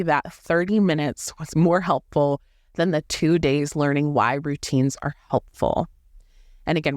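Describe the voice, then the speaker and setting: Lively emphatic woman podcast host. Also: sits low, dry recording, studio quality. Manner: lively, emphatic, playful asides. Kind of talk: casual solo podcast talk.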